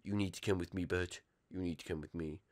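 A man doing a dopey, slow cartoon dad. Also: sits low, fairly even intonation, pitched below the performer's own voice, lightly acted.

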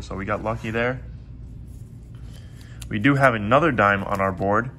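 A man talks through a hobby coin hunt in a relaxed, chatty way and gets excited when something turns up. His voice sits a little low and sounds worn, since he is losing it. A faint hum of the room stays under him. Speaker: coin roll hunting channel host. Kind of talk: casual hobby vlog narration.

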